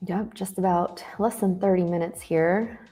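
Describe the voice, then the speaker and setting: A woman co-hosting a live trading stream, chatty and quick to laugh, thinking aloud with fillers. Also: on the low side, steady tone, dark tone, soft background music. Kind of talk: casual live-stream chat about futures trading.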